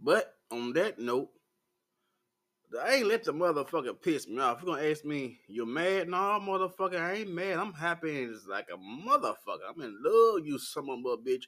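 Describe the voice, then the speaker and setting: A man in his forties with a Southern American accent, ranting bluntly and profanely to the camera in a slow, laid-back vlog. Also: fairly high pitch, animated, a bit bright. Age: 40s. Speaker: vlogger.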